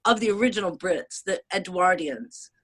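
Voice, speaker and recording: A woman from the United States in casual chat, rambling and animated, swearing and laughing often. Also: fairly low pitch, moderate pace, breathy edge.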